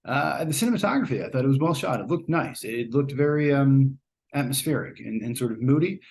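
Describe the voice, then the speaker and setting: A man's voice: medium pitch, animated, brisk, a little mellow. A man giving a casual, rambling spoken movie review, with frequent ums and uhs.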